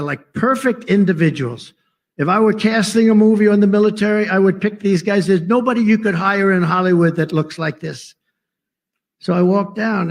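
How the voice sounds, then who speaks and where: A man giving a rambling, off-the-cuff political speech at a conference, full of sarcasm and digressions. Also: high-pitched.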